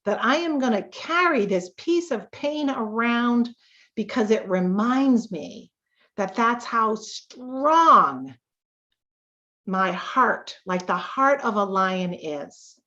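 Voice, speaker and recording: A woman hosting a live tapping call, coaching listeners with slow, emphatic talk and sudden emotional bursts. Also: fairly high pitch, lively intonation, sharp tone, highs cut off.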